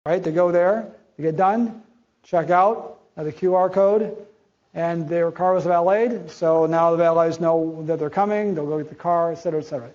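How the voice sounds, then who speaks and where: High-voiced man giving a conference talk. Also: moderate pace, a little mellow. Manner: conversational, acts out quoted dialogue. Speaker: conference speaker. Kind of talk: conference presentation. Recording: dull lo-fi audio.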